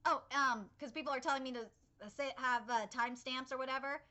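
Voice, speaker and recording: A young woman hosting a live anime reaction, excitable and rambling, swearing freely as she comments. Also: high voice, a little fast, lo-fi sound.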